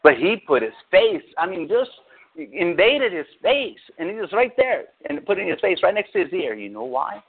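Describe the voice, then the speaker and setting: A middle-aged man preaches with a high, lively voice, drifting into stories and sarcastic jabs. The sound is thin and tinny, as if it came over a phone-line radio broadcast. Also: moderate pace, slightly rough. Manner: animated storytelling with sarcastic asides. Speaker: pastor. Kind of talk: sermon.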